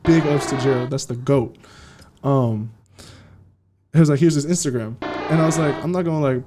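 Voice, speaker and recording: A man's voice: mid-range voice, moderate pace, over music. Slangy young man telling his DJ story. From California. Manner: slangy, animated, acts out quotes. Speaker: DJ guest. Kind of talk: casual interview storytelling.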